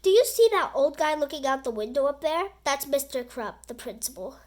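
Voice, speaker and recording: A woman reading a children's book aloud in an animated, expressive storytelling voice. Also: sits high, a little fast.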